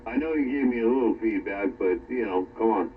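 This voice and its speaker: A man chatting casually from his workshop, rambling and halting with plenty of fillers. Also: on the low side. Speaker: radio chat participant. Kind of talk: casual chat. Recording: distant, phone-like radio with faint noise.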